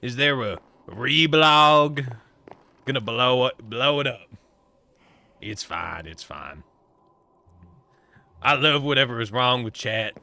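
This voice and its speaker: Bright-voiced man in a joking cowboy drawl. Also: mid-range voice, animated, slow pace, vocal fry, pauses often. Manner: joking, teasing the chat. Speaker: livestreamer. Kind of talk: casual live-stream chat while gaming.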